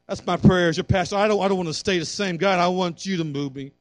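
High-voiced guy pastor preaching hard, dry close mic, gets loud and fired up. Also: quick pace, few pauses, no room sound, faint music behind. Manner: fervent preaching that builds to loud exhortation. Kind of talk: sermon.

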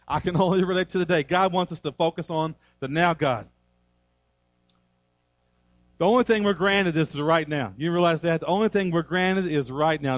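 Guy preaching in church, kinda high voice, punchy repeats, dry close sound. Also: no room sound. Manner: emphatic, repetitive preaching with scripture quotes. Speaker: pastor. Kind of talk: sermon.

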